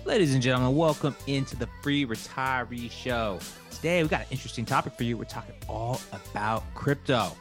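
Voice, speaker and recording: A man hosting a podcast interview as a wealth manager, talking with energetic, friendly banter. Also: mid-range voice.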